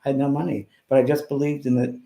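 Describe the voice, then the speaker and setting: A man with a gravelly, mid-pitched voice tells his stories in an animated way, turning loud and then hushed. He is a medium in a casual interview, and his voice carries a roomy echo. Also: fast. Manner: animated storyteller who swings between loud and hushed. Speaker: spiritual medium, guest.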